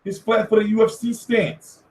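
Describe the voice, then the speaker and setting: A man hosting a casual commentary show, talking in an animated, profane rant. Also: sits high, measured pace, creaky. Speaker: host. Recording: echoey room, far from mic.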